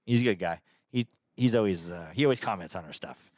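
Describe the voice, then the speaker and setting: A man's voice: deep voice, a little fast, a little mellow, dry recording, clean studio sound. A man with a nasal voice co-hosting a podcast in casual, rambling, jokey chat. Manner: rambling, jokey, trails off mid-sentence. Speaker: podcast co-host.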